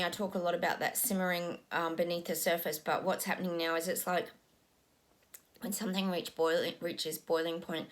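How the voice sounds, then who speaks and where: Musing woman giving a psychic reading. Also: lowish voice. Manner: musing, frequent ums, describes visions as they come. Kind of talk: casual spoken psychic reading.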